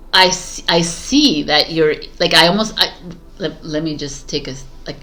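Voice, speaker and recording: A woman reading tarot in vlog bloopers, giggling and flustered, stumbling and restarting, with quiet asides under her breath. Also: fairly low pitch. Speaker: tarot reader.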